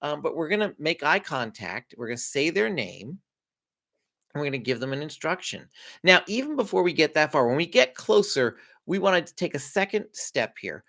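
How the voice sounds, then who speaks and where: A man walks parents through a routine in a friendly, conversational teaching style. His voice sits a little high and moves a lot in pitch. He chuckles often between points. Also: normal speed, vocal fry. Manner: lively, conversational, laughs often. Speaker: parenting coach. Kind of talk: instructional talk to parents.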